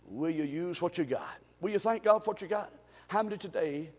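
A male pastor preaching a revival sermon, swinging between quiet asides and shouted exhortation in a church sanctuary. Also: a little high, expressive, brisk, husky. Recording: long reverb of a church hall.

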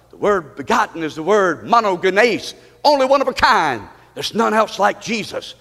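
A man with a very high voice delivers a fervent sermon, leaning on call-and-response. His pitch leaps about with animated energy. A long reverb from the church sanctuary trails behind every phrase. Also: normal speed, vocal fry, hardly any pauses. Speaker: pastor.

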